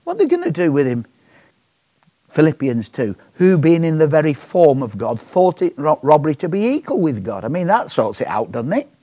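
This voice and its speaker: A man's voice: on the high side, huge pitch swings, moderate pace, mellow, dry recording. A man preaching a sermon in a chatty, joking way, often asking the congregation questions.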